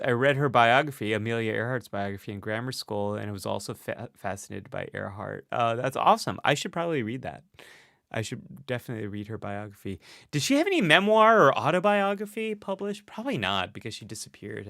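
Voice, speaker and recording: A man's voice: fairly low pitch, creaky, a bit bright, no echo, studio quality. A man hosting a casual live stream, reading out viewer comments in a chatty, self-deprecating way with frequent laughs.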